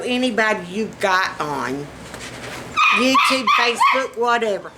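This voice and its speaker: A woman's voice: mid-range voice, lively intonation, measured pace, pauses often, very noisy. A woman with a Southern US accent chatting to camera in a folksy, exclaiming way as a vlogger. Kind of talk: casual chat to camera.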